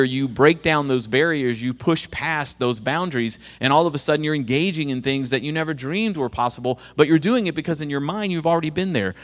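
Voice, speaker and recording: A middle-aged man preaches to a room of students in a slightly high voice. He speaks with earnest directness and slips in dry, sarcastic asides. The sound rings with the long reverb of a large hall. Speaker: youth pastor and guest speaker. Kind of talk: sermon to students. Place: school auditorium or chapel.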